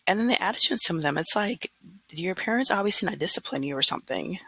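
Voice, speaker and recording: A woman's voice: fairly low pitch, lively intonation, fast talker, pushed and bright, breathy edge, no room sound, rough recording. A woman in her thirties, a substitute teacher, venting casually and acting out what she told her class. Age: 30s. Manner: exasperated, retells scenes with quoted dialogue.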